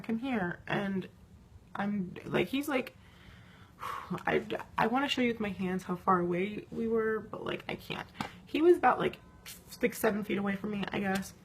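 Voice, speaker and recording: A woman's voice: on the high side, slight background noise. A young woman telling a story to the camera in a casual, rambling way, swearing a lot and filling her talk with "like". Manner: rambling, profane, full of "like" fillers. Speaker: vlogger.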